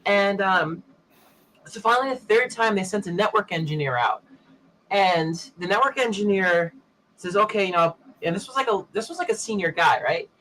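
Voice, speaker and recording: A man with a high, bright voice hosts a casual tech chat. He tells long stories and acts out the other people's lines as he goes. A faint hum of room noise sits under him. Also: normal speed, low-quality recording. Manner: animated anecdote teller, acting out other people's lines. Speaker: show host.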